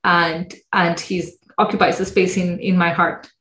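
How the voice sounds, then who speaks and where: A woman's voice: on the low side, flat delivery, a little slow, a bit bright. A woman being interviewed as a guest who shares a personal story. She speaks expressively and acts out other people's voices when she quotes them. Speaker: guest, mindset coach. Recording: roomy echo.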